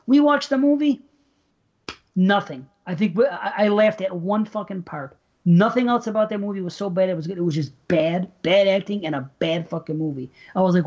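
A man's voice: high voice, fairly quick, a little mellow, lo-fi sound. A man from Buffalo hosting a podcast, talking bluntly with plenty of swearing in casual chat. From Buffalo, New York. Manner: blunt, profane, opinionated. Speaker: podcast host.

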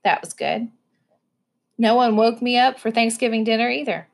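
A woman's voice: a little high, normal speed, vocal fry. A woman reading a novel aloud, narrating evenly in the first person. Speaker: audiobook reader.

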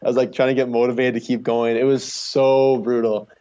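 A man's voice: mid-range voice, level tone, fairly quick, mellow, clean tone. A young man from Canada telling stories as a guest in a casual interview, rambling and full of "like" fillers. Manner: rambling, heavy use of "like" fillers. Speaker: guest, long-distance charity cyclist. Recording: slightly muffled recording.

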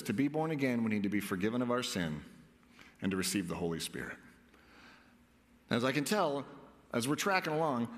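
A man delivering a sermon as a pastor, speaking in a relaxed, conversational way and often turning to his listeners with questions. His pitch swings in a lively, animated way. His voice rings out with a long reverb, as in a large hall. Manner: conversational, asks the congregation questions.

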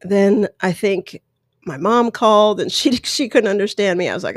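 A woman's voice: medium pitch, lively intonation, normal speed, no echo. Woman, 30s, podcast host, candid and emotional personal storytelling, close dry mic. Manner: candid, emotional, rambling with restarts. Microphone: close microphone.

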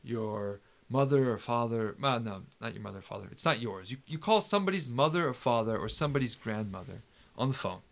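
Male podcast host, gravelly, lively storyteller, casual chat. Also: mid-range voice, brisk. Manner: animated storyteller who acts out quotes.

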